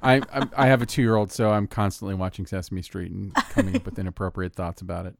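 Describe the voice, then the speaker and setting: Low-voiced man musing at length. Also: fairly even intonation, fast, creaky, no echo. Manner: musing, long winding sentences. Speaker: podcast guest. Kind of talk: casual chat.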